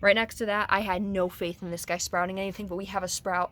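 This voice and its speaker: Woman vlogger, excitable and gushing, casual profanity, outdoors on a porch, handheld camera. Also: mid-range voice, fast. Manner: enthusiastic, gushing, swears casually. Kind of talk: casual garden tour vlog.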